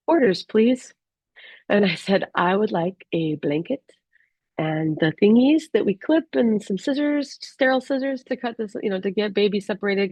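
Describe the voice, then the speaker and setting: A woman who works as a rural doctor tells a personal story in a candid, halting way, full of restarts and fillers. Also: on the low side, no echo, highs cut off.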